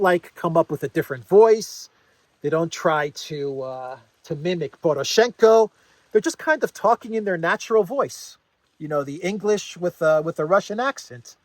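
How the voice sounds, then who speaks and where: A man hosting a solo commentary video, talking in an animated, laughing, mocking tone of disbelief. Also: on the high side, dry recording. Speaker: political commentary host.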